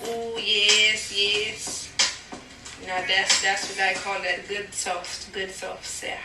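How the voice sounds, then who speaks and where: A young woman playing a teen cooking-show host in a put-on Jamaican accent, with a sing-song voice and drawn-out phrases. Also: mid-range voice, monotone, close to an everyday voice. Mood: playful. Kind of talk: homemade cooking show narration. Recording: echoey room, far from the camera mic, music behind.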